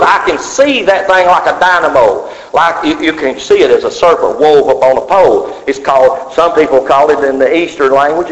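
A male pastor preaching a sermon, swinging from loud declarations to hushed whispers. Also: sits high. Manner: preaching with sudden drops to a whisper. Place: church sanctuary. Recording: dull sound with long hall reverb.

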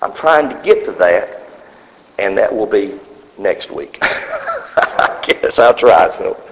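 A male pastor preaching a sermon, swinging from loud declarations to hushed whispers. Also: on the low side, huge pitch swings, slow pace. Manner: preaching with sudden drops to a whisper. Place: church sanctuary. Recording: dull sound with long hall reverb.

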